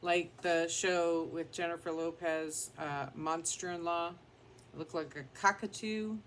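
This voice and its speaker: A woman beauty vlogger talks her way through her makeup at home in a loose, down-to-earth ramble. Her voice sits a little low and she takes her time over every phrase. A faint hum of room noise stays underneath. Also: steady tone, unhurried. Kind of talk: casual chat while doing makeup.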